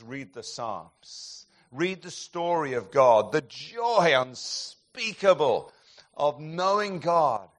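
A man delivering an impassioned sermon at a middle pitch. He moves from booming emphatic lines to near-whispered, drawn-out phrases as he tells his stories. He chuckles softly at his own anecdotes. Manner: impassioned storytelling, swinging between loud emphatic peaks and hushed, slow passages. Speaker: preacher.

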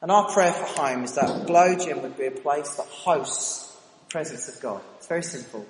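A British man telling a lively, self-mocking story during a sermon at church. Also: a little high, normal speed. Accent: British English. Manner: animated, anecdotal, self-mocking. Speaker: church speaker. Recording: reverberant hall, faint ambience.

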